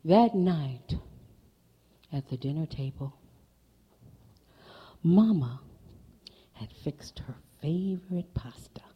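Breathy woman telling a joke. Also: low voice, expressive, slow, long pauses, lo-fi sound. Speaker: joke teller. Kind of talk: storytelling a joke.

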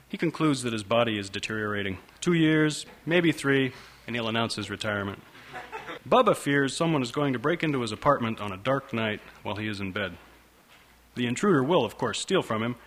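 A man's voice: medium pitch, a bit bright. A man reading a story aloud in a dry, wry narration style. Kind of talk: scripted audiobook narration.

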